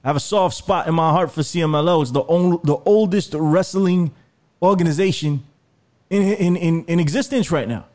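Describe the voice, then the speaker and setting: A man's voice: on the high side, moderate pace, a little mellow. A man co-hosting a podcast, swearing and delivering theatrical, mock-stern verdicts in comedic banter. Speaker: podcast co-host.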